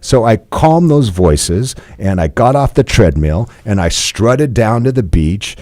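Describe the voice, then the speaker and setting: Low-voiced animated man in his fifties. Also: a little slow, dry recording. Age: 50s. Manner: animated, playful storyteller who laughs often. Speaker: podcast guest. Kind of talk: personal storytelling in conversation.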